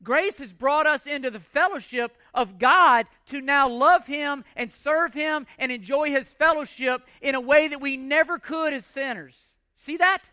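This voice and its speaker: High, bright-voiced man preaching. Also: a little slow, few pauses, no room sound, studio quality. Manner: emphatic, rhetorical questions, repeats words. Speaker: pastor. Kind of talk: sermon.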